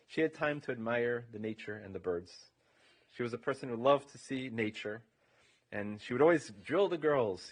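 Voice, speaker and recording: Male rabbi, mid-pitched, informal funeral eulogy, meandering and full of fillers. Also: husky. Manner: informal and meandering, leaning heavily on "you know". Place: funeral home chapel.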